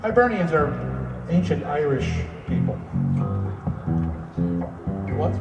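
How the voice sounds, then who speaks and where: A man's voice: a little high, huge pitch swings, slow pace, creaky. A man performing live musical comedy, jokingly coaxing the audience to sing along. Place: campus performance room with audience. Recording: echoey live room, mic from a distance, music and crowd.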